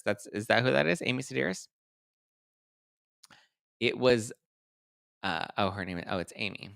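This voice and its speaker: A man in his thirties hosting a casual livestream, chatting quickly and reading viewer comments aloud. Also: mid-range voice, vocal fry, clear, resonant tone, no echo, clean studio sound. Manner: chatty, animated, reads live chat aloud. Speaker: host.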